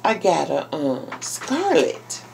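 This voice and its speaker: A woman vlogger chatting casually while unboxing a package, talking excitedly to her viewers. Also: deep voice, takes it slowly, creaky, a little hiss or hum. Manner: chatty and exclamatory, addressing viewers as y'all. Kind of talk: casual unboxing vlog chat.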